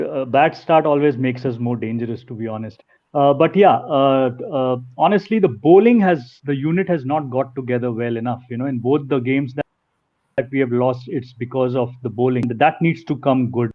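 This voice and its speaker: A man's voice: medium pitch, normal speed. A man, a fan guest talking earnestly and a bit hesitantly. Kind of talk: casual chat. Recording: muffled lo-fi call audio.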